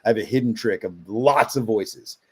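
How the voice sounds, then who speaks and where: A middle-aged man, a guest on a podcast, chatting casually and telling animated, rambling stories. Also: on the low side, moderate pace, slightly rough.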